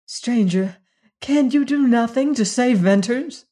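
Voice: medium pitch, slow pace, dark tone, pitched above the performer's own voice. A narrator voicing a desperate frontier woman pleading for a man's life in a western audiobook story. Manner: urgent, imploring.

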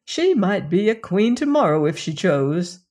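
A woman voicing a kind, cheerful old fairy in a storybook reading, speaking with bright, raised eagerness. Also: mid-range voice, very animated, a little slow.

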